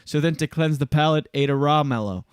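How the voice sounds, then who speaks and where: A man's voice: fairly high pitch, brisk, smooth, no echo, studio quality. A French-speaking man hosting a podcast, chatting in a jokey, rambling way. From Atlantic Canada. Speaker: podcast host. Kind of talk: casual chat.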